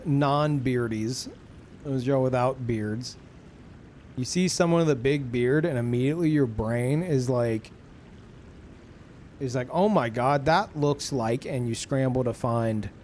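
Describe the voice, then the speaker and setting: Young male game streamer, laid-back, rambling, swears a lot, mid-pitched voice. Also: a little mellow, slight background noise. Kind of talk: casual chat with stream viewers while gaming.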